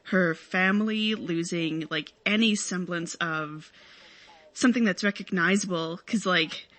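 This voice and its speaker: A woman guest on a film podcast, talking through her thoughts in a loose, rambling way. Her voice is bright and forward, set a little low in pitch. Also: a little slow. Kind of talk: casual film discussion.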